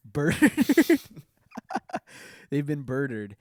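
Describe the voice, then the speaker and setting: A man's voice: on the high side, huge pitch swings, very slow. A man hosting a casual podcast chat, laughing often and rambling with lots of fillers. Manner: giggly, rambling with many fillers. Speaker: podcast host.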